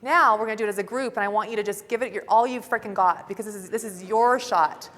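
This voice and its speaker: A woman's voice: medium pitch, fast talker, hardly any pauses, fairly bright tone. A woman giving a fervent, casual motivational talk to a conference audience on stage. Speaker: conference speaker. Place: large conference hall. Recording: hall reverb from live event.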